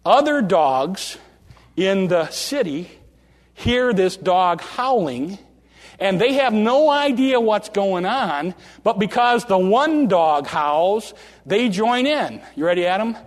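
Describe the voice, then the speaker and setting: A man preaching a sermon from the pulpit in a folksy, animated way, often restarting phrases and slowing down for drama. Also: high-pitched. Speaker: pastor. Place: church sanctuary. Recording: long reverb of a large hall.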